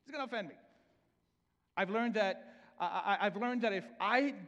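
Man preaching, salvadoran spanish accent, high voice, long hall reverb, repeats himself. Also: moderate pace, a bit bright, lo-fi sound. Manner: repeats words often and restarts, conversational preaching. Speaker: pastor. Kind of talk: sermon.

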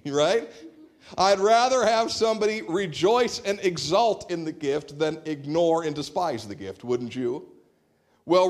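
A man's voice: on the high side, darkish tone. A man preaching a sermon in a church, conversational and humorous, telling stories on a shared microphone. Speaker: pastor. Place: church sanctuary.

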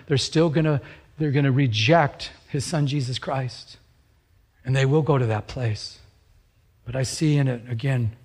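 A man preaching a sermon as a pastor, telling stories in an animated way and repeating phrases for emphasis. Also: medium pitch, husky.

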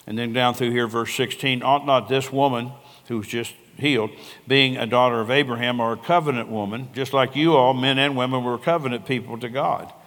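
A man's voice: mid-range voice, steady tone, fairly quick, a bit bright. An older man, a pastor, preaching a sermon in an earnest, conversational way and telling stories with quoted dialogue. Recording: long reverb of a large hall.

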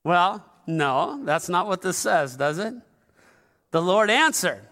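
A male pastor preaches a sermon in a conversational, humorous way, turning often to the congregation. His voice sits very high for a man and sounds bright, and he talks at an unhurried, slow pace. A long reverb from a large church hall follows him. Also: lively intonation.

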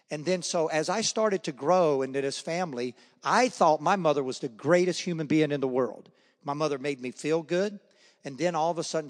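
A middle-aged man giving a personal testimony at a men's breakfast, telling stories and acting out voices. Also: fairly high pitch. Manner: storytelling, acts out voices. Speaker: guest speaker. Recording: echoey hall.

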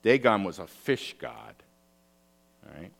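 A low-pitched man preaches slowly, telling stories with lively asides and checking in with "right?". His voice carries a long reverb tail from a large hall. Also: vocal fry. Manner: storytelling, animated with asides and rhetorical "right?". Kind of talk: sermon.

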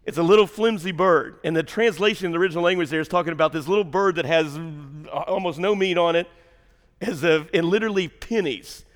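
A male pastor preaching a sermon in a church, swinging between shouted emphasis and hushed, near-whispered lines. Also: high-pitched, fairly quick. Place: church sanctuary. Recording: long hall reverb.

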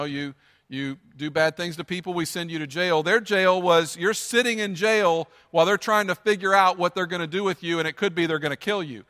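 In a church sanctuary, a pastor delivers an earnest, emphatic sermon, repeating his points to drive them home. His high, bright voice carries a long reverb from the large room.

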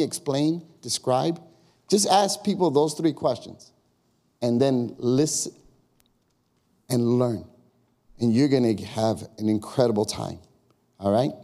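A man's voice: mid-range voice, dark tone. A male pastor preaching a conversational sermon, acting out quoted questions in a raised voice.

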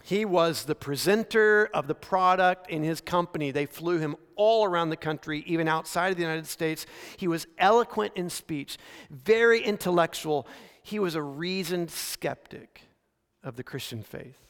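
A male pastor preaching a sermon in a relaxed, storytelling way, slowing down to stress key phrases. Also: a little high, smooth. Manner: conversational storytelling preaching with frequent slowdowns for emphasis. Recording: long reverb of a large hall.

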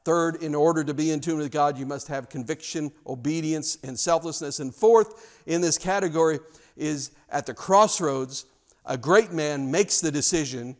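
A man's voice: a little high, moderate pace. A man preaching a sermon in a church, speaking earnestly with frequent stammered restarts. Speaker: pastor.

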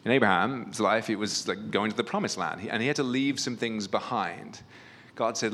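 A pastor with a lowish, bright and forceful voice speaks quickly against slight background noise. At a church retreat he gives a conversational sermon, telling personal stories with self-deprecating humor and plenty of fillers.

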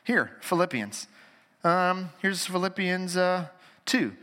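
A male pastor preaching a sermon in a church sanctuary. His voice sits a little high and rings bright. He drives his points hard, then drops to slow, hushed phrases, and long reverb trails every line. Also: expressive. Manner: preaching with sweeping dynamics, from loud emphatic to hushed and slow.

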